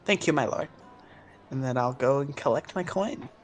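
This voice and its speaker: A man's voice: medium pitch, normal speed. A man playing a tabletop game over online voice chat, speaking in character with polite, formal phrasing. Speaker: player.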